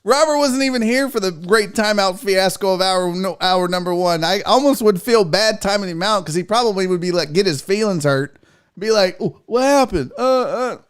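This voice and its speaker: High, smooth-voiced man in his forties. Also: normal speed. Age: 40s. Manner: joking, self-mocking asides. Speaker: sports talk show host. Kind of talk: casual talk show banter.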